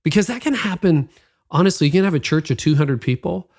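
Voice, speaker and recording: A man's voice: fairly high pitch, lively intonation, brisk, darkish tone. A man hosting a podcast, asking long questions in a conversational way and thinking aloud as he goes. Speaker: podcast host. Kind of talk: interview questions.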